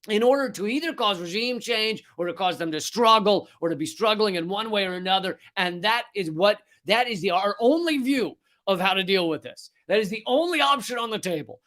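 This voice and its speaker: Sarcastic high-voiced male ranter. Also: a bit bright. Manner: sarcastic and profane. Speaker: host. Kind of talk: comedic political rant.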